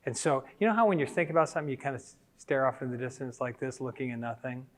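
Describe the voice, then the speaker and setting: A man's voice: mid-range voice, racing. Man teaching in a reverberant hall. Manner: personal stories, animated quoted voices. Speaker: speaker. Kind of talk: sermon-style teaching talk.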